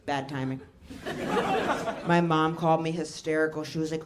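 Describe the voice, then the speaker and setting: Woman, stand-up comedian, animated storytelling, acted-out quotes, live club, audience laughter, noisy room. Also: low-pitched, normal speed, long pauses. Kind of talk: stand-up set.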